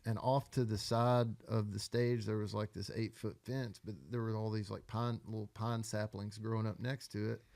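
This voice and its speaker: Gravelly man telling stories. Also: fairly low pitch, level tone, normal speed, few pauses, a little mellow, no room sound. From Arkansas. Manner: loose, profane, rambling storyteller. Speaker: guest songwriter. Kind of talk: casual podcast storytelling.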